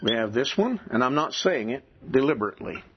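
A Southern American man lecturing a class, deliberately drilling and repeating pronunciations. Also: medium pitch, sing-song, noisy background. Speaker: Greek teacher. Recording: dull lo-fi classroom recording.

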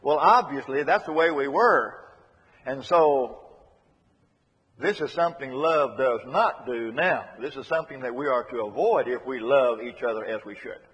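A man's voice: mid-range voice, moderate pace, a bit bright, breathy edge. A man preaching a sermon in an earnest, emphatic way, repeating his key phrases to drive them home. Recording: echoey hall, dull lo-fi sound.

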